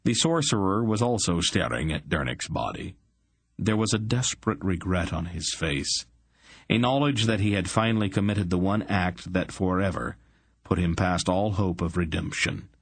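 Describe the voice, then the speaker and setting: A man narrates a fantasy audiobook in a measured, dramatic way. His voice is very deep and husky, and his pace is unhurried. The sound is dry and close to the mic. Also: no echo. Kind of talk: scripted narration.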